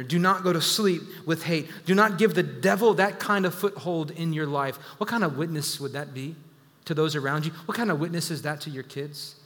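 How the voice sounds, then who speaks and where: A man in his thirties preaching a sermon, telling a story with self-deprecating humor and sudden animated bursts. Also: a little high, big-room sound. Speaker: pastor.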